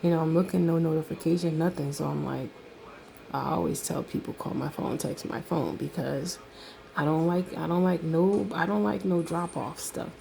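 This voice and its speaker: A middle-aged woman telling a casual story about a delivery, animated, laughing and acting out the other voices. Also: sits low, normal speed, gravelly, low-quality recording. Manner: animated, laughs often, acts out quoted voices.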